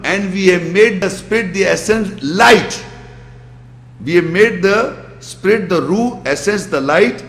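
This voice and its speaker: A man giving a religious lecture, asking his listeners pointed questions and quickly reciting Arabic verses before explaining them. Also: sits high, animated. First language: Urdu. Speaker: Islamic lecturer. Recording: echoey hall.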